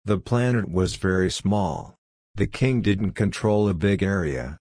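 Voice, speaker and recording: A man narrating a storybook chapter in a measured, simple reading style. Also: deep voice, darkish tone.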